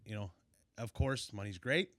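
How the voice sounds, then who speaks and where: Man, young to middle-aged fishing guide; storytelling podcast guest, lively, bright and dry. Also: lowish voice, normal speed, no echo. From Illinois. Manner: animated, acts out shouted quotes. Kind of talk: casual storytelling.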